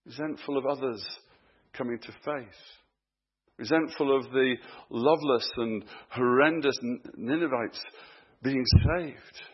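A husky-voiced man preaching a sermon at a middle pitch. He drops to hushed, slow emphasis and then rises into urgent questions for his listeners. The recording sounds dull and lo-fi.

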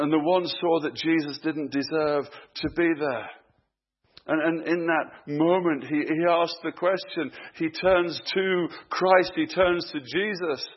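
A man preaching a sermon, moving between hushed, slow emphasis and raised, urgent questions to his listeners. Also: on the high side, muffled recording.

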